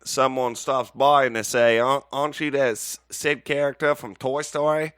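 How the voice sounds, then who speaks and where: A man puts on a chatty Australian fellow who rambles along with a drawl. The voice sits a bit higher and louder than his own, smooth and recorded dry and close. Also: little pitch movement, moderate pace, dry recording, natural voice. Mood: storytelling. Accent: put-on Australian. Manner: chatty, drawling, tacks on "mate". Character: put-on Australian guy telling a story.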